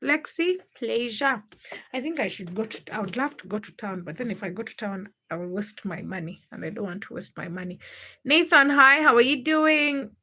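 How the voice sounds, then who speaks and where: Young Ugandan woman, livestream host, bright tone, higher voice, chatty with the chat. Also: expressive, moderate pace, slightly rough. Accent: Ugandan English. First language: a Ugandan language. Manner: greets viewers by name one after another, chatty. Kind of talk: casual livestream chat reading comments.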